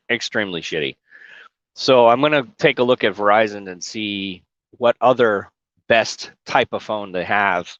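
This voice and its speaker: A man's voice: lowish voice, measured pace, fairly bright tone, dry recording, dull audio. A man driving a truck, chatting casually on a livestream, rambling, swearing and greeting viewers by name. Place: inside his truck cab. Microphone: phone.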